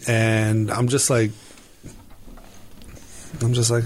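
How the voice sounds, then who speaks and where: A man's voice: on the low side, animated, a little fast, very noisy. A man co-hosting a paranormal podcast, rambling casually and swearing now and then. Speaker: podcast co-host. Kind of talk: casual chat.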